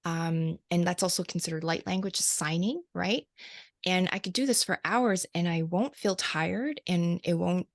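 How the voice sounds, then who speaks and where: A woman's voice: fairly low pitch, measured pace, dry recording, studio quality. A woman who works as a light language channeler, talking reflectively as an interview guest, laughing often and restarting her sentences. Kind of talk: casual interview conversation.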